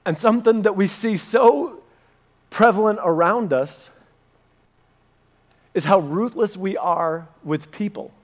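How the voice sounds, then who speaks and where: High-voiced male pastor preaching. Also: slow, pauses often. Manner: animated storyteller, addresses the congregation directly. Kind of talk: sermon. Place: church meeting room with a live audience.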